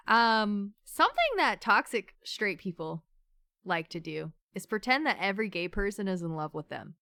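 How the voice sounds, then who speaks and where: A woman's voice: medium pitch, moderate pace, creaky, dry recording, clean studio sound. A young woman co-hosting a casual book club livestream, talking with emotion and venting about a novel. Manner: emotional, animated, swings between venting and seething.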